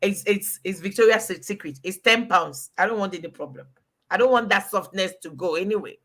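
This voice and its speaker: Bright-voiced chatty woman. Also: medium pitch, a little fast. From Ghana. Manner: chatty, emphatic, keeps calling out a listener by name. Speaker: vlogger giving relationship advice. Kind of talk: casual chat.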